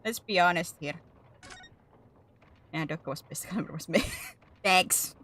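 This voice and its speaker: While streaming a game, a woman chats casually with viewers, giggling and poking fun at herself. Her lowish voice is a bit bright and a little slow, and there's a slight hiss or hum in the audio.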